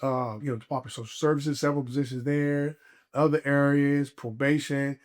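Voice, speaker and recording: A man's voice: medium pitch, level tone, fairly quick. A man, a guest on a podcast, telling a personal story in a casual, emphatic way and acting out his own past thoughts.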